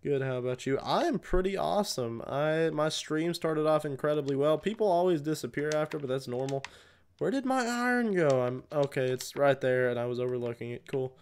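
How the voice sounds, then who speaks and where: A man's voice: on the high side, steady tone, a little fast, few pauses, a little mellow, slight background noise. A young man casually chatting with his viewers during a gaming livestream, rambling and answering chat while he plays. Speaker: live streamer.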